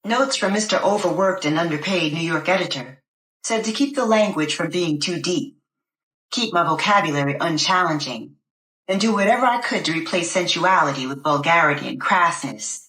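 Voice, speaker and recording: Woman reading an audiobook, low and echoey. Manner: measured, expressive first-person reading. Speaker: narrator. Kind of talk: audiobook narration.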